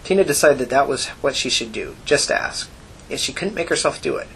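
A man reading a gritty novel aloud in a plain, even storytelling manner. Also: mid-range voice, brisk, gravelly, a little hiss or hum, low-quality recording. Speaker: audiobook narrator. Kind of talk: scripted narration.

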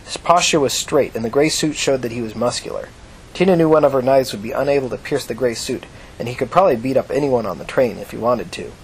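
A man narrating an audiobook in a steady, measured reading. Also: medium pitch, slight background noise.

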